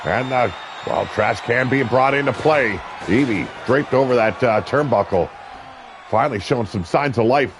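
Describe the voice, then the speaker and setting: Brash, shouting wrestling commentator, gravelly man. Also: medium pitch, moderate pace, a crowd in the background, background noise. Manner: brash, profane, shouts at big moves. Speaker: play-by-play commentator.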